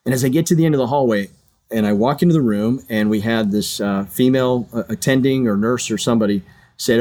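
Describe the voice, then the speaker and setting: A man's voice: mid-range voice, fast talker, mellow. A middle-aged man, a retired pilot and chaplain, earnestly telling a personal story as an interview guest.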